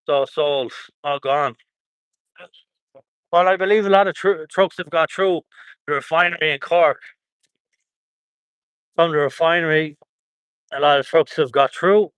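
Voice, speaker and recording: A man's voice: fairly high pitch, steady tone, unhurried, pauses often, fairly bright tone, smooth, no echo. An Irish man chatting casually on a livestream from an outdoor protest, reading out viewer comments, rambling and chuckling often.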